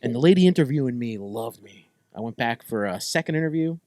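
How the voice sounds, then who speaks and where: A man's voice: medium pitch, animated, fast, a little mellow, no echo. Man spinning a yarn. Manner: storytelling, acts out quoted people. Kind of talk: casual chat.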